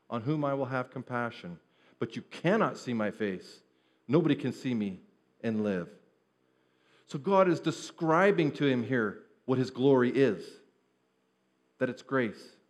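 A man's voice: medium pitch, a little mellow. A man preaching an earnest sermon to his congregation, shifting his pace and stress as he teaches from Scripture. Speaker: pastor.

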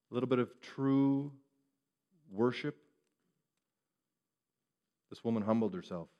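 A man preaching a sermon who keeps asking the listeners questions and moves between hushed and raised delivery. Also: mid-range voice, lo-fi sound. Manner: asks the listeners rhetorical questions.

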